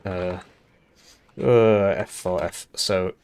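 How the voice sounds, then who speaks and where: Raspy-voiced man rambling through game commentary. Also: deep voice, fairly even intonation, very slow, a little mellow. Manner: rambling, thinks aloud with fillers and restarts. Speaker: gaming YouTuber reviewing a devblog.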